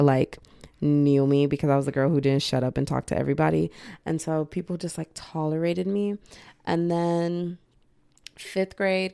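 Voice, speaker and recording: A woman's voice: low-pitched, creaky, a little mellow, clear, resonant tone, no room sound, clean studio sound. Tired, chatty young woman podcaster. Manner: rambling, chatty, self-mocking. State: tired, late at night. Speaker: podcast host. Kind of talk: casual solo podcast chat.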